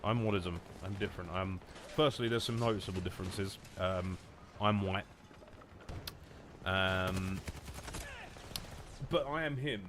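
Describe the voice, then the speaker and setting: Speaking a little slowly with long pauses, a young Brit with a blocked, nasal nose rambles and swears to his stream chat as he games. His low-pitched voice comes through a headset against a noisy background.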